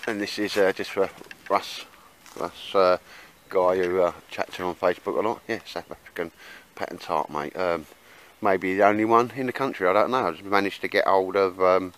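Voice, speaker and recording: A man's voice: low-pitched, steady tone, normal speed, hardly any pauses, a bit bright, slight background noise, rough recording. A man chatting casually in a rambling way with lots of fillers while he shows his camp gear outdoors in the woods. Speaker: bushcraft vlogger.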